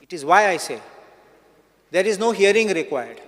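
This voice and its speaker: A man's voice: sits high, expressive, normal speed, fairly bright tone. A man, a legislator and advocate, raising formal objections in a debate and citing statutes, dates and constitutional articles. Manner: legalistic, cites statutes and dates. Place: legislative assembly hall. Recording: long reverb in assembly chamber.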